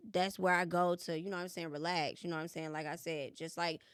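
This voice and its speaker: Blunt woman with a low voice. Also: steady tone, quick pace, a bit bright, clean tone, no room sound, clean studio sound. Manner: blunt and candid. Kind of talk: casual chat.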